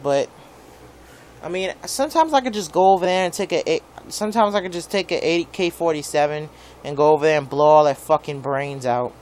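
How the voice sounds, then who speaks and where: A man's voice: on the high side, brisk, a little mellow, slight background noise. A young man in a profane, rambling rant about his neighbors, peppered with "like". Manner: profane, rambling, heavy use of "like". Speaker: vlogger. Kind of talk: rambling angry rant to camera.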